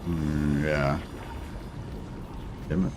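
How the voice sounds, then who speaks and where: Low-voiced Australian man streaming a game. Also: big pitch swings, very slow, creaky, noisy background. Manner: rambling, filler-heavy, thinking aloud. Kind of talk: casual gameplay commentary, answering chat.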